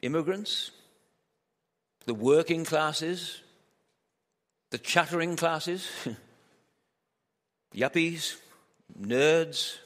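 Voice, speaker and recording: Preacher with a chatty, joking delivery. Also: male voice, on the high side, drawn-out words, pauses often, fairly bright tone. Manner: conversational, quips and rhetorical questions to the audience. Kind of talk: sermon. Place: hall at a church camp. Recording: echoey hall with long reverb.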